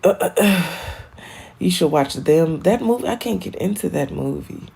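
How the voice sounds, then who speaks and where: A young woman from Michigan talks to her live-stream audience in a loose, rambling way, swearing freely and cracking herself up. Her voice sits low with a gravelly edge. Her pitch leaps and dips all over the place. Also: normal speed. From Michigan, USA. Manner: rambling, animated and profane, laughing at her own jokes. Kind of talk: casual live-stream chat.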